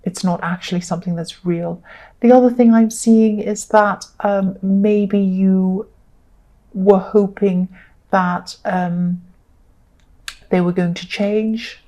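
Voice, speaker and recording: Gentle, reassuring woman reading tarot. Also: mid-range voice, steady tone, slow pace. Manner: gentle and reassuring, with frequent ums. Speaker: tarot reader. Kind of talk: solo tarot reading to camera.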